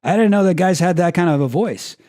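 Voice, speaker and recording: A man's voice: sits high, expressive, a little fast, darkish tone. A young man doing casual, sarcastic commentary on a stream, rambling and laughing at his own jokes.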